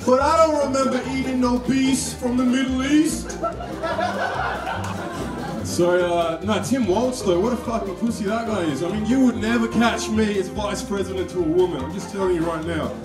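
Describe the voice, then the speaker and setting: A man's voice: high voice, moderate pace, music in the background. A man performing an edgy stand-up set on stage. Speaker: stand-up comedian. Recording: distant echoey stage mic, crowd.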